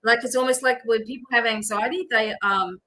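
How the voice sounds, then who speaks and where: Lady psychic reader on a livestream, kinda high and sharp voice, lots of ums and okays. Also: fairly even intonation, brisk. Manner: chatty, instructive, many fillers. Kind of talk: live-stream reading.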